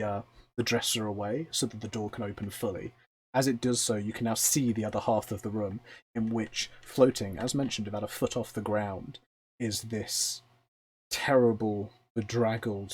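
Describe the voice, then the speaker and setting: A man runs a tabletop game as its game master. He narrates scenes in an unhurried, descriptive way, full of small fillers. His voice sits low and has a husky edge. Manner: descriptive, relaxed storytelling with fillers.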